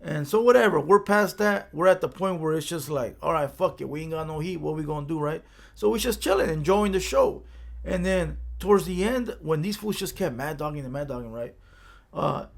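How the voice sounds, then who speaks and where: His voice sits high and sounds gravelly. The man, from Los Angeles County, relates a street tale in a relaxed, foul-mouthed way, repeatedly asking "right?"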